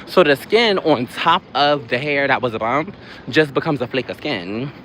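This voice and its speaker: A man chatting casually on a live stream while walking outdoors, rambling from one topic to the next with quick asides. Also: medium pitch, expressive, fairly bright tone. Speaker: livestream host. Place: outdoors on a busy city street. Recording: noisy street with passing traffic.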